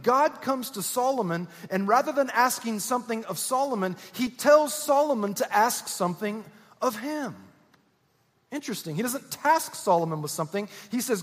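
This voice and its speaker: A man's voice: high-pitched, a bit bright, breathy edge. A man preaching a sermon as pastor, earnest and emphatic, repeating key lines. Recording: echoey church hall.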